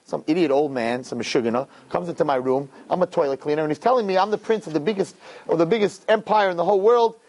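A man telling a parable in a conversational, animated way, often checking in with "right?". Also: on the high side, quick pace. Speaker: storyteller. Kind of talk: animated storytelling talk.

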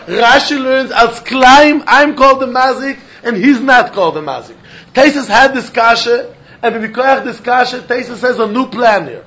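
A man teaching a Talmud lesson, lively and questioning, mixing in Yiddish and Hebrew terms. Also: very high voice. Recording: dull lo-fi recording.

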